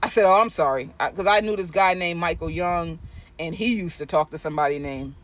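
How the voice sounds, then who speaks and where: A vlogger telling a gossipy story casually, swearing freely with animated asides. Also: mid-range voice, fairly quick.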